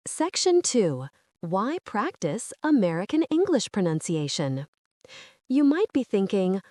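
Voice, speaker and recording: Woman, English teacher, slow, clear and encouraging, lively melody, dry close sound. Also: medium pitch, dry recording. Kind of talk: scripted lesson narration.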